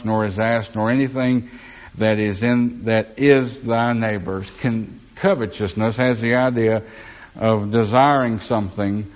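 A man's voice: fairly low pitch, highs cut off. A man preaching a sermon as pastor, folksy, often asking the congregation for an amen. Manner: folksy, asks congregation for amens.

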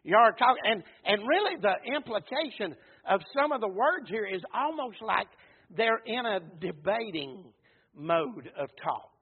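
A man with a drawl preaches a folksy sermon, his high, husky voice rising to near shouts and sinking back down. The recording is thin and phone-like. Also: animated, unhurried. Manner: folksy, repeats words, swells to shouts and drops low.

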